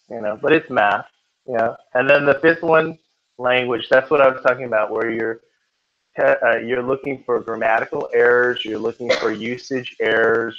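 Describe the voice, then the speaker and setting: A man's voice: mid-range voice, a bit bright. A man teaches a roomful of students in a mid-range voice, loose and conversational, slipping jokes in between the lesson points. The classroom recording is muffled and lo-fi. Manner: chatty, joking with students. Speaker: test-prep tutor.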